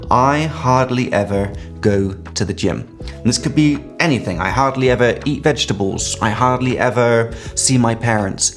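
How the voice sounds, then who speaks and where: Upbeat English teacher from England. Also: male voice, medium pitch. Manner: lively, drawn-out stress on key words. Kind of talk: explaining grammar to learners.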